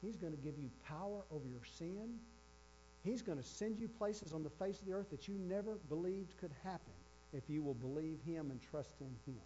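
A man's voice: a little high, lively intonation, normal speed, mellow. A man preaching a sermon with emphasis, repeating his key phrases. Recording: dull lo-fi with faint electrical hum.

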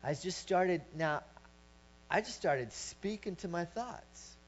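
A man preaching a sermon, telling a personal story and rising to loud shouts as he acts it out. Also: high-pitched, lively intonation, slow pace. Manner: storytelling, swelling to shouts when acting out his story. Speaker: pastor. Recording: dull lo-fi recording with mains hum.

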